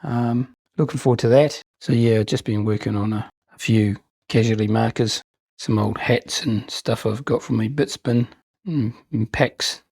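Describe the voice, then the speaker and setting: A man rambling with cheerful enthusiasm about his latest hobby pieces, his voice slightly breathy and husky. He talks at an ordinary middle pitch, and the recording is dry and close, with no room echo. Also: darkish tone. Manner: chatty, rambling, enthusiastic, self-mocking. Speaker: miniature wargaming channel host. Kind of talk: casual unboxing and hobby chat.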